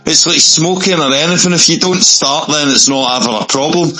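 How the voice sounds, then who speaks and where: A man's voice: fairly high pitch, a little fast, pushed and bright, soft background music, poor audio. A man chatting casually, blunt and swearing freely. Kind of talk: casual chat.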